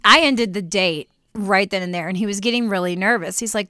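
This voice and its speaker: A young woman chats on her podcast, telling lively stories and laughing often. Her voice is bright, clear and a little higher than most. She also gives faith-based encouragement to listeners, recorded close and dry. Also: brisk, no echo. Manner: animated storytelling with laughter. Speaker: podcast co-host. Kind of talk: casual chat.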